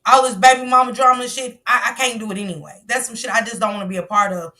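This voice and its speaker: A woman's voice: on the high side, fairly even intonation, fast, sharp tone. A woman hosting a stream, giving blunt, slangy commentary on a clip. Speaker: stream host. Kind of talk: casual commentary on a news clip.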